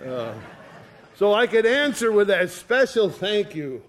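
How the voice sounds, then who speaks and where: Folksy storytelling pastor, slightly high voice. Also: male voice, big pitch swings, unhurried. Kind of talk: sermon.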